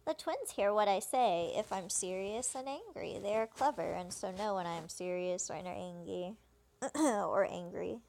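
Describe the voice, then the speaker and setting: A woman's voice: mid-range voice, animated, a little slow, vocal fry, darkish tone. A woman hosting a let's play, casually translating game dialogue aloud and reading out the punctuation. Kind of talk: casual live translation and narration.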